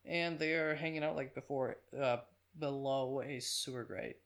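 A man's voice: medium pitch, normal speed, vocal fry, fairly bright tone. A man narrating a casual film review with chatty, offhand asides.

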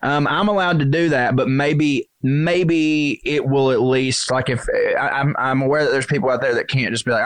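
A man's voice: medium pitch, steady tone, normal speed, few pauses, no room sound. A man in his thirties, a comedian guest, talking candidly and ramblingly on a podcast in a self-mocking way. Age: 30s. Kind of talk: casual podcast conversation.

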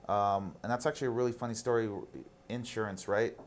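A man's voice: fairly low pitch, steady tone, fast talker, a little hiss or hum. A man in his thirties, a guest on a casual interview, telling stories candidly and animatedly, with some casual swearing.

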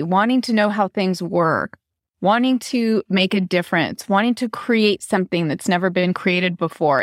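A woman hosts an interview and asks her guest measured, reflective questions. Her voice sits at a middle pitch for a woman. The sound is close and dry. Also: dry recording. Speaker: podcast host. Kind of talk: casual interview talk.

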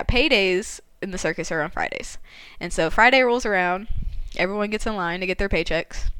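A woman's voice: fairly low pitch, fairly bright tone, clear, resonant tone, no echo. A young woman casually recapping a story's plot, chatty, with lots of filler words and casual swearing.

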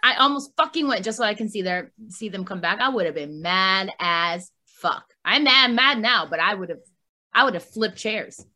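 A woman's voice: medium pitch, moderate pace. A woman co-hosting a podcast, ranting in casual chat with lots of swearing. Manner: profane, animated ranting. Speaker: podcast co-host.

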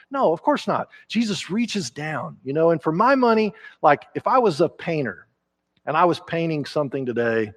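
A man, a pastor preaching a conversational sermon in a church, growing animated as he acts out quotes. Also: on the high side. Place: church sanctuary.

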